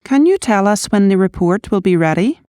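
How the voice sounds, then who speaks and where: A woman reading short English practice sentences, carefully and clearly, with a lift on polite requests. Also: mid-range voice, animated, brisk, mellow, no echo, clean studio sound.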